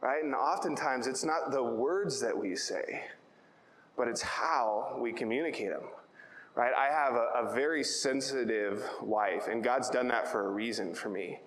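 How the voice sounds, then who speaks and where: A man preaching in a relaxed, conversational way who keeps checking in with "right?" and tells family stories. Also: medium pitch, measured pace. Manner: checks in with "right?" after nearly every point. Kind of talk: conversational Bible teaching. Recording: echoey hall with long reverb, faint hiss.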